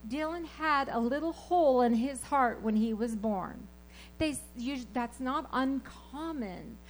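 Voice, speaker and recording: A woman preaching a sermon, telling personal stories in an animated, emphatic way and repeating her key phrases. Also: on the high side, rough recording.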